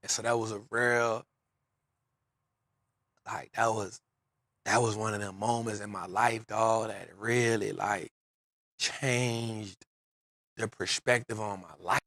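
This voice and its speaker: A man's voice: fairly low pitch, fairly even intonation, slow pace, pauses often, fairly bright tone, no room sound, studio quality. A man hosting a podcast, telling an emotional personal story in casual street slang. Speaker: podcast host. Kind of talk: casual chat.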